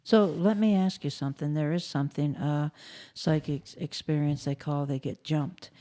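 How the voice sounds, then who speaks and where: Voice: medium pitch, steady tone, moderate pace, warm tone. A podcast co-host in casual chat, speaking thoughtfully and asking the guests questions.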